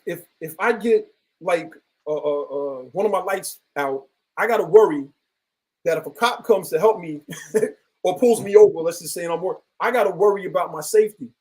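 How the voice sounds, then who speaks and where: Earnest, high-pitched man who rambles reflectively in casual discussion. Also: darkish tone, poor audio.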